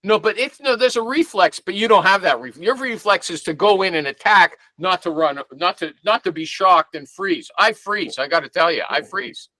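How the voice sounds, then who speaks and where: A man's voice: high voice, animated, moderate pace, hardly any pauses, bright, forceful tone, no echo. A man hosting a casual talk show, probing his guest and thinking aloud. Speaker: show host. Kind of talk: casual podcast chat.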